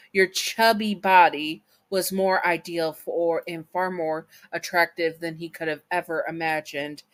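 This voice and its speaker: A young woman reading a written fan scenario aloud in a casual way, stumbling and correcting herself as she goes. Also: lowish voice. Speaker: fan-fiction reader and channel host.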